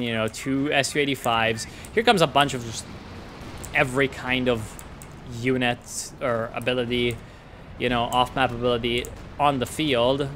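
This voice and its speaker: Bright, excitable male game caster. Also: medium pitch, slight background noise. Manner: excitable, swears and rants at players. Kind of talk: casual gameplay commentary.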